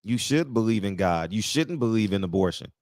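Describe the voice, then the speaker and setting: A man's voice: on the low side, expressive, brisk, darkish tone, no room sound. Blunt, profane man with dry close sound. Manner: blunt, profane, mocking, laughs at his own jokes. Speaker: podcast host. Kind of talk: casual opinion talk.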